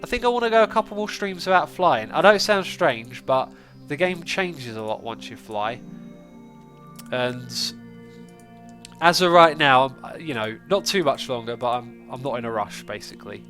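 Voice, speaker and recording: A man's voice: medium pitch, lively intonation, moderate pace, a bit bright, soft background music. A man with a stuffy, congested nose hosting a casual gaming livestream, chatting and thinking aloud as he plays. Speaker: livestream host.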